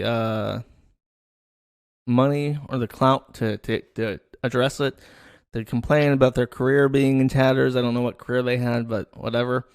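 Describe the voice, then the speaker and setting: A man's voice: medium pitch, a little mellow, smooth, dry recording. Dry-sounding man with sardonic commentary. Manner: sardonic, dismissive asides; loose delivery with fillers and restarts. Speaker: online commentator. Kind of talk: casual commentary reading out messages.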